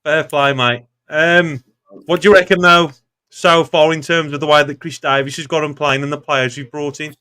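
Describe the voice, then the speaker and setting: A man's voice: a little high, fairly even intonation, moderate pace, pushed and bright, clean tone. A man hosting a football phone-in, upbeat and casual, saying "mate" constantly. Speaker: phone-in host.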